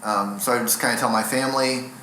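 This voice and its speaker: A man's voice: mid-range voice, steady tone, fast, pushed and bright, slight background noise. A young adult man, a stand-up comedian and guest in an interview, telling rambling, self-deprecating stories in a casual way. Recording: echoey room.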